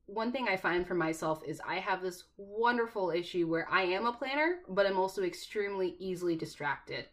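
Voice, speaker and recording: A woman co-hosting a podcast, explaining her points in a measured, orderly way. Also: medium pitch, lively intonation, a bit bright. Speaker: podcast co-host. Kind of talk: casual podcast chat.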